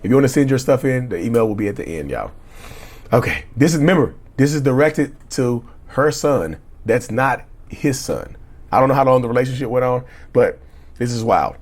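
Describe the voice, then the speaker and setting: A man's voice: mid-range voice, animated, fairly quick, darkish tone. A man giving casual commentary as he reads viewer emails aloud and speaks straight to his audience, often repeating words as he goes. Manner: stumbles and repeats words while reading aloud. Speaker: YouTube commentator on narcissistic abuse.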